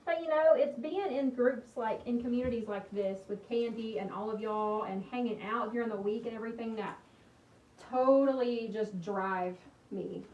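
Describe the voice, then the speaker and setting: A woman's voice: fairly high pitch, normal speed, a little mellow, highs cut off. A woman in her thirties from East Texas with a Texan accent, chatting casually and thanking viewers by name while she crafts on a livestream. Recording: echoey room, mic at a distance, faint hum.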